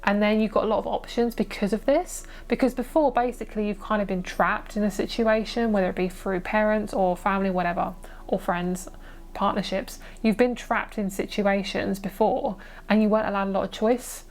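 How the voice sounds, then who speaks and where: A woman's voice: medium pitch, fairly even intonation, a little fast, a little mellow. Chatty woman reading tarot. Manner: chatty, gushing, swears casually, sings to herself. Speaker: tarot reader. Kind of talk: casual pick-a-card tarot reading.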